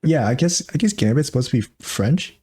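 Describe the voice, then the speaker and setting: A man's voice: on the high side, animated, a little fast, a little mellow, husky. A man co-hosting a podcast, casually asking short curious questions. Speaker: podcast co-host. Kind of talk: casual movie chat.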